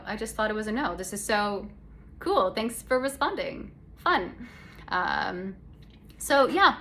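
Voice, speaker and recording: A woman's voice: on the high side, a bit bright. Chatty sarcastic Canadian woman host. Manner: chatty, sarcastic, rambling with self-corrections. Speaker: podcast host. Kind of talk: casual solo chat. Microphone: phone.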